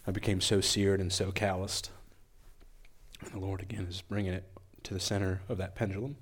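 A young man giving an earnest, emotional testimony at church, halting and restarting as he speaks. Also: sits low, little pitch movement, fairly bright tone.

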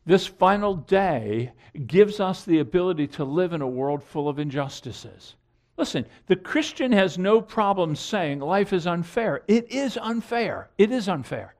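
A man's voice: high-pitched, lively intonation, measured pace. A middle-aged man preaching a sermon in an earnest, emphatic way, repeating phrases and restarting sentences. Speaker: pastor.

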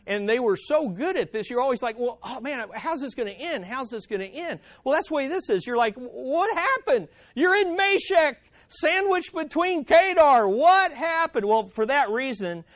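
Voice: mid-range voice, no echo. A pastor preaching a sermon on a psalm, emphatic, repeating key phrases and calling for amens.

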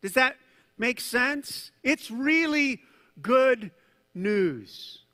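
Animated high-voiced male pastor preaching. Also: extremely slow, long reverb tail. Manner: animated, conversational preaching with asides and jokes. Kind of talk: sermon. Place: church hall.

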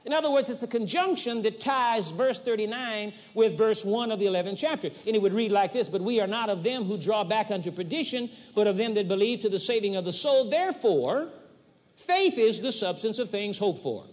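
A man's voice: sits high, a little fast, hardly any pauses. A man preaching a sermon with emphasis, driving points home by repeating short phrases. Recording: long hall reverb, 1980s audio tape.

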